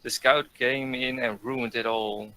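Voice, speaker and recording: A teenage man reading a fanfic aloud with a reluctant, halting delivery. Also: medium pitch, steady tone, pushed and bright, clear, resonant tone, no echo, rough recording. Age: teens.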